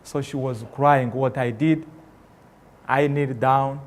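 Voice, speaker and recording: A man telling an emotional personal story on stage as a motivational speaker, acting out the voices in it and swinging from loud to soft. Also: mid-range voice, steady tone, slow. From Rwanda. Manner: impassioned, acts out dialogue, swings loud and soft. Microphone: stage microphone.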